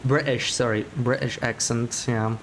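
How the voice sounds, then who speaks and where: A man giving live gameplay commentary on a stream. He talks to his viewers as he plays, thinking aloud with small restarts and frequent laughs, at an ordinary pitch for a man. A faint steady hum sits behind his voice. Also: measured pace.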